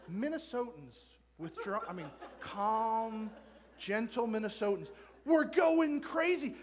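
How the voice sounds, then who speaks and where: A man with a high voice preaches a sermon in a church sanctuary, and the room gives his words a long reverb. He keeps the congregation involved with questions and light jokes. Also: a bit bright. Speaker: pastor.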